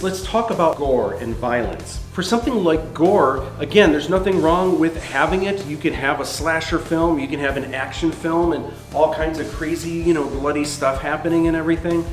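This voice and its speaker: A man teaching screenwriting in a lively, conversational way. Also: fairly high pitch. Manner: animated, conversational. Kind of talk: instructional talk. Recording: roomy echo.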